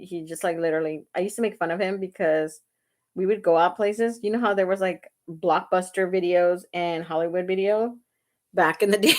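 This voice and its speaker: A woman hosting a live makeup tutorial, chatting casually and laughing often as she talks straight to her viewers. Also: mid-range voice. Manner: talks straight to viewers, asking "right?" and "okay?". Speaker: beauty vlogger hosting a livestream.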